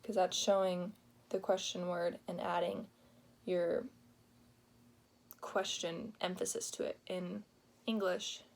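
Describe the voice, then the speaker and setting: A young woman giving an informal class presentation, explaining plainly with pauses and the filler "like". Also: on the low side, level tone, darkish tone. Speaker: student presenting a project.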